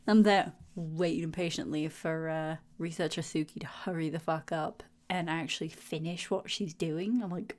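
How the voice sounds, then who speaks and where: A woman's voice: fairly even intonation, moderate pace, darkish tone. Giggly woman chatting over gameplay. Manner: chatty and giggly, acting out silly inner dialogue in a higher voice. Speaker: gaming video creator. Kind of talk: casual voiceover commentary. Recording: voiceover recorded at home on a mic.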